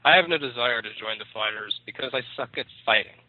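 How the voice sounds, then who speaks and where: A man's voice: mid-range voice, fairly quick, no echo, natural voice. A man voicing a sullen, defiant young man who argues with his father. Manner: defiant, contemptuous. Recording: tinny dry phone line.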